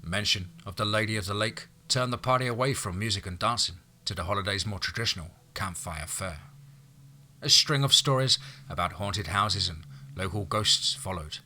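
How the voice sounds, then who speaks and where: A man narrates an audiobook in a steady, measured telling. His voice sits low yet rings very bright and forward.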